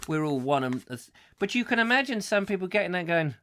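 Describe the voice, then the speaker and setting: Animated, lively-pitched English chat show host. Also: male voice, quick pace. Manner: rambling, reads viewer comments aloud, slips into silly voices. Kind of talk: comic ranting live chat show.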